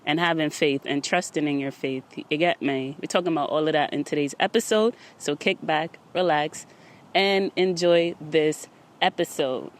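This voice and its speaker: A woman's voice: low-pitched, normal speed. Woman host, chatty motivational monologue, slightly winded, recorded outside. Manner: chatty, repeats "you get me?". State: a little out of breath. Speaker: podcast host. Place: outdoors.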